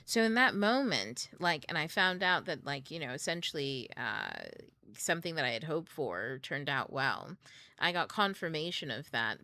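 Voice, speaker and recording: Young woman host, chatty and giggly, lively pitch, close dry mic. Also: brisk, dry recording. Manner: chatty, laughs often, many fillers. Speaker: book club host. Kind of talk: casual storytelling livestream.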